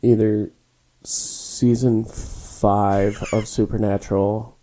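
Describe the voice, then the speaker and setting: A man's voice: lowish voice, flat delivery, slow pace, dark tone. A young man co-hosting a casual podcast from a spare room, laid-back and swearing freely. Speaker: podcast co-host. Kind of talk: casual chat. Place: small spare room used as a home studio.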